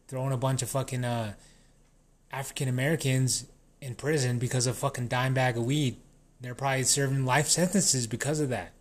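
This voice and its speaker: A man rants in loose, casual speech, cursing nearly every line and doubling back mid-sentence. His voice sits in an ordinary middle pitch, neither deep nor high. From New Mexico. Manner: swears constantly, rambling, restarts sentences. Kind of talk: casual profane rant.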